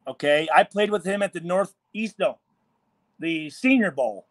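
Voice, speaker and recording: A man in a hotel room on a video call, a former football player telling animated, profane stories in casual chat. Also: high voice, a little slow, dry recording. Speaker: former NFL player guest.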